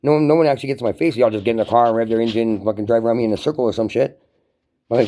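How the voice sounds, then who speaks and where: A man's voice: medium pitch, very fast, mellow. A man delivering a profane, emphatic, run-on rant to camera. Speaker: vlogger. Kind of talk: casual ranting monologue.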